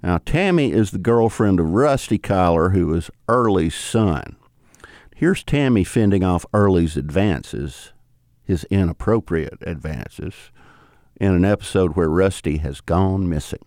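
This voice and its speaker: A man with a Southern US accent, hosting an interview with relaxed storytelling. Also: low voice, measured pace, dry recording, clean studio sound. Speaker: host. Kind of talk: radio interview.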